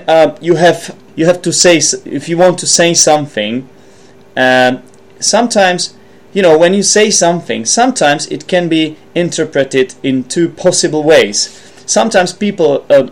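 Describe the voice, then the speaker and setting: A man hosting an English-learning podcast, explaining vocabulary in a loose, thinking-aloud way, with frequent ums and restarts while partly reading from notes. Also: on the high side. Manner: hesitant, thinking aloud with many ums and self-corrections. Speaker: English teacher and podcast host.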